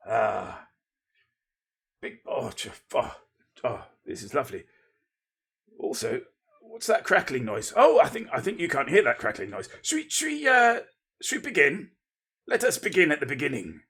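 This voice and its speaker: A man hosts his livestream, chatting loosely and breaking off his own sentences. His voice is gravelly and a little husky, and his pitch bounces around a lot as he rambles. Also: wildly swooping pitch, unhurried, long pauses, a bit bright. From Lincolnshire, England. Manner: rambling, playful, self-interrupting, thanks viewers. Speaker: livestream host. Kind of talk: casual livestream chat.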